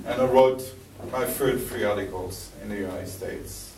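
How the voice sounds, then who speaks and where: A man with a French accent giving a live talk to an audience in a library room, telling stories with halting restarts and fillers. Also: medium pitch, a little mellow, a little hiss or hum. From France. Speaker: speaker giving a presentation. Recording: roomy distant live recording.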